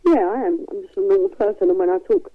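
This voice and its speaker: Chatty woman with softened East London accent. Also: medium pitch, fast, dry recording, narrow, tinny audio. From East London, England. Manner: chatty and frank, laughs easily. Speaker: guest. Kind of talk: casual chat.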